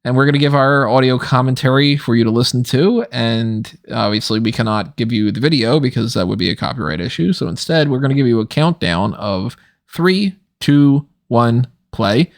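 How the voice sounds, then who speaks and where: A man with a gravelly, mid-range voice hosts a podcast late at night, sounding tired as he talks fairly quickly. His casual commentary rambles along and is punctuated by frequent laughter.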